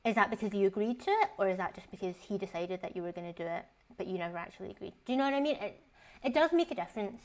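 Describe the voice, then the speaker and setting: A woman's voice: medium pitch, very animated, rapid-fire, hardly any pauses. A woman giving casual, frank reaction commentary on online posts. She talks in a chatty way, swears freely and keeps asking rhetorical questions.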